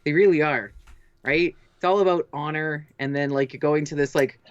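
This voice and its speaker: A woman's voice: low-pitched, normal speed, smooth, dry recording, highs cut off. A woman co-hosting a casual, tipsy livestream chat, talking loosely with giggles and swearing. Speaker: co-host.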